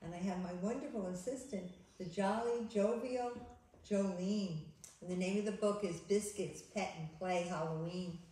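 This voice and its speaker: Animated woman storyteller, echoey room. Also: medium pitch, unhurried. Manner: animated, sing-song read-aloud. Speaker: children's storyteller. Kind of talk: reading a picture book aloud to a child.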